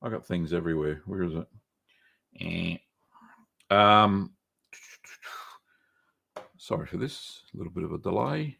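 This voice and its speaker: A man's voice: low-pitched, a little slow, creaky, pauses often, pushed and bright, husky. A man hosting a casual live stream, answering viewer questions with many ums and restarts. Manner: rambling, many ums and restarts, reads chat aloud.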